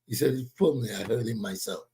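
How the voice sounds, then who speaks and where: Husky man ranting politics. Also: mid-range voice, fast talker, warm tone. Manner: heated, emphatic, greets viewers by name. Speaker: political commentary show host. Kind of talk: live-stream political commentary.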